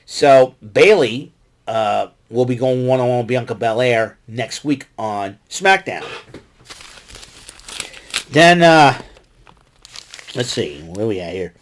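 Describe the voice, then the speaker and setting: A man hosting a casual solo wrestling recap show, rambling and excitable, who talks back to the wrestlers he describes. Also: medium pitch. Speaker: podcast host recapping wrestling.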